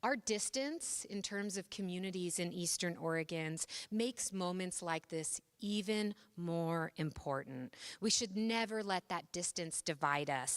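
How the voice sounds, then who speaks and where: Woman, middle-aged, welcome speech, upbeat, chatty, low-ish pitch, dry close sound. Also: no room sound. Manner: upbeat, warm, chatty asides. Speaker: university president. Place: event stage.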